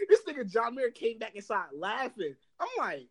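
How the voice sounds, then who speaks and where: A young man telling workplace stories in casual chat, animated and laughing, loudly acting out what others said. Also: high voice, normal speed. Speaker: storyteller.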